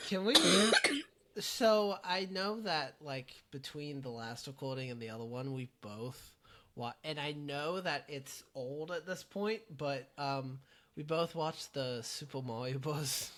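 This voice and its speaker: A podcast co-host speaking at an unhurried, slow pace in a mid-range voice. The talk is hesitant, full of fillers and restarts, with frequent giggles in a loose chat. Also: medium pitch, fairly bright tone. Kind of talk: casual chat.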